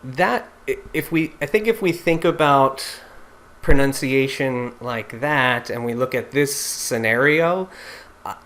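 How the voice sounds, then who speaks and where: A man's voice: medium pitch, takes it slowly, a bit bright. A man teaching singers in an informal lecture, explaining step by step in a conversational way. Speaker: singing teacher.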